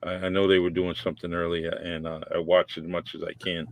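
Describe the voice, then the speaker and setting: A man hosting a casual on-air radio chat, halting and full of fillers. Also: deep voice, little pitch movement, creaky, no room sound. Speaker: radio host.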